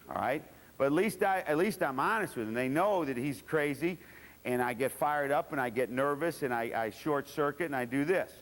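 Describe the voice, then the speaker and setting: A man's voice: a little high, normal speed. A man lecturing as a football coach at a clinic, blunt and profane, acting out his players' voices. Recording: long reverb of a lecture hall.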